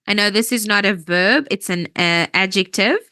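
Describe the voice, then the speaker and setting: A woman's voice: mid-range voice, moderate pace, sharp tone, clean tone, no echo. A woman teaching English grammar in an online lesson, explaining patiently step by step and often checking that students follow.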